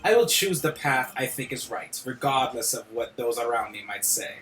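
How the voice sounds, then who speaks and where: A man's voice: medium pitch, animated, moderate pace, fairly bright tone, soft background music, pitched below the performer's own voice, close to an everyday voice, poor audio. A man reading the lines of a nervous young male defense lawyer from a game, subdued and earnest.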